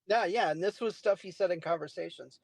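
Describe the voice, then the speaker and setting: Gravelly-voiced man on a podcast. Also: high voice, fairly quick, dry recording. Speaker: podcast guest. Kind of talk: casual podcast chat.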